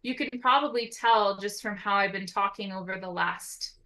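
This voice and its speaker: A woman with a bright, forceful voice gives an educational talk as a therapist. Her intonation rises and falls freely as she explains step by step. She keeps checking in with her listeners with a quick "right?". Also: medium pitch, rough recording. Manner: lively up-and-down intonation. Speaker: occupational therapist.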